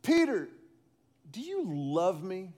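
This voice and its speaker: A male preacher voicing Jesus as a calm, gently insistent man who asks slow, earnest questions in a lowered voice. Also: heavily acted.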